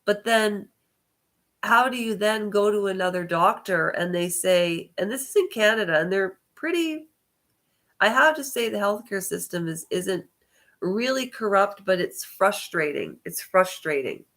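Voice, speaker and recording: A woman's voice: medium pitch, animated, measured pace, a bit bright. Congested woman rambling on her vlog. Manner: meandering, hesitant, corrects herself often. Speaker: channel host. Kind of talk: rambling personal vlog talk.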